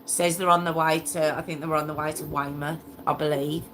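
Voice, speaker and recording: A woman's voice: low voice, little pitch movement, fairly quick, noisy background. A woman hosting a true crime story in a casual, emotional and indignant way, repeating phrases as she goes.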